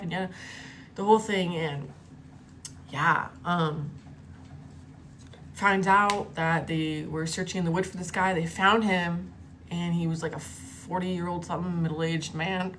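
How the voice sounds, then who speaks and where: A woman vlogger telling a personal story in a casual, animated way, cursing freely and acting out the quotes. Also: fairly low pitch, a little slow, long pauses, slight background noise. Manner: animated, profane, acts out the quotes.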